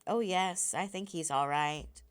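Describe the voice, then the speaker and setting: A weary, dying father speaking quietly and tenderly, as a woman reading a novel aloud puts him on. The tone is low and smooth, calm and steady in its reassurance. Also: a little slow, lightly acted. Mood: reassuring.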